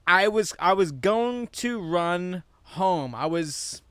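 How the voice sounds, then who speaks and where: Animated, swearing storyteller, a man. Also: sits high, takes it slowly, clean tone, no room sound. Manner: animated storyteller who acts out quotes and swears freely. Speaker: podcast host. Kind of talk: casual chat. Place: outdoors.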